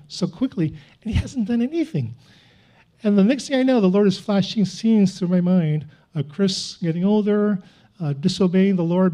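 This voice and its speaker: A man's voice: sits high, dark tone. A man preaching a sermon as a pastor, telling a personal testimony in an earnest, confessional way with self-mocking chuckles.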